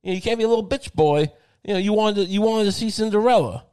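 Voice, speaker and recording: A man playing an angry dying father who scolds his young son in loud, profane bursts. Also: mid-range voice, normal speed, lightly acted. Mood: indignant.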